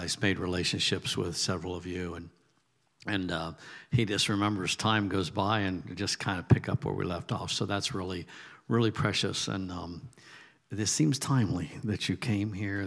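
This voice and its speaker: A man pastor introducing a guest speaker in church, halting and full of fillers. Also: deep voice, gravelly, big-room sound. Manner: halting, warm-hearted, many fillers.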